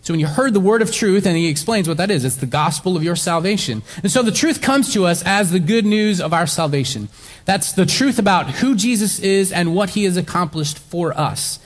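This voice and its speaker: Guy with a higher voice preaching, casual and chatty, lots of ums and restarts. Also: animated, normal speed, in a large hall. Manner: conversational preaching with fillers and restarts. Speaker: pastor. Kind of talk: sermon.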